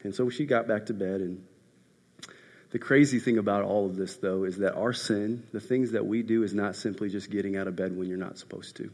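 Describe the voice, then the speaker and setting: A man preaching a sermon as a pastor, telling a story and swinging from loud passages to hushed ones. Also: on the low side, moderate pace. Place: church hall. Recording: echoey hall.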